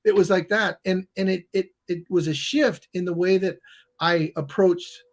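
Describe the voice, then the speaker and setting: A middle-aged man with a high, light voice tells a personal story as a podcast guest. He talks in a loose, conversational way and acts out the people in his story with sudden loud exclamations. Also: fairly even intonation, normal speed. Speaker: guest, coach and author.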